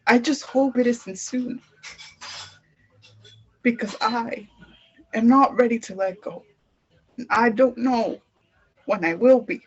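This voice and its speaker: A teenage girl recites her poem slowly and earnestly, her voice a little breathy and somewhat high. The audio sounds dull and lo-fi. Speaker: student poet.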